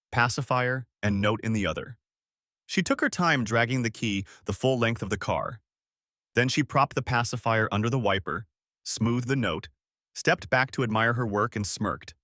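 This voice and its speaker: Guy reading a storytime post, dramatic, lots of pitch swing, dry close sound. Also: a bit bright, dry recording. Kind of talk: first-person story narration.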